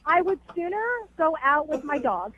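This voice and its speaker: A woman's voice: high-pitched, animated, normal speed, a loud crowd. A woman calling in to a radio show, talking in a blunt, fed-up way. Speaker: caller. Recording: tinny phone line.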